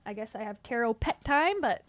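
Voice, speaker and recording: Woman streamer, high voice, snarky deadpan commentary, dry close sound. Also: brisk, no room sound. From Midwest US. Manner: snarky, deadpan asides with sudden laughs. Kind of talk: sarcastic commentary reading posts aloud.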